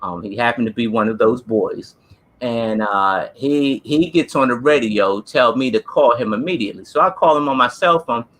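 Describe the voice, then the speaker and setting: A man tells a story in a casual, earnest, emphatic way. His voice is bright and forceful at a middle pitch. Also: normal speed. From New Jersey. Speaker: co-host, former police officer.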